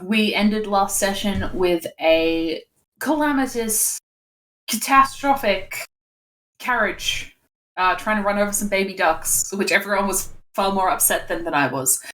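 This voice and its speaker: A woman in the middle of the pitch range introducing a streamed tabletop game. She talks in a dry, wry way and keeps things organized. Her delivery is casual and conversational. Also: unhurried, fairly bright tone, slight background noise. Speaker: player and stream intro host. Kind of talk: casual chat and show intro.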